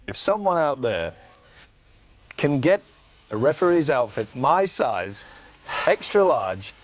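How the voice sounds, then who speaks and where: A man's voice: mid-range voice, big pitch swings, takes it slowly. A man talking as a sports pundit, cheeky and laughing.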